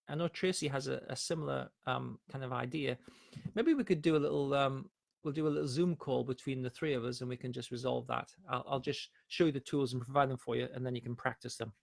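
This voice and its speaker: A man's voice: medium pitch, gravelly, no echo. A man coaching viewers on anxiety in a live-streamed question and answer talk, explaining things patiently and sometimes telling parables with acted quotes.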